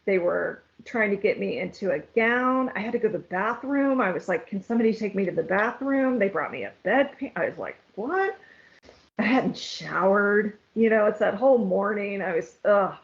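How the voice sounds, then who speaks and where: Woman with a gravelly voice, recounting. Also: medium pitch, lively intonation. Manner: emotional, halting, tearful at times. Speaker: interview guest. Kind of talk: personal story in an interview. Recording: slightly dull, lo-fi sound.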